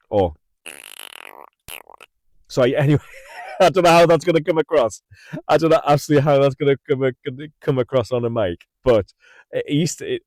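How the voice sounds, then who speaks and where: A middle-aged Englishman, hosting a livestream from his parked car, tells a rambling story, laughing and repeating himself often. His voice is mid-range and a little mellow, picked up by a mic in the car with no room sound.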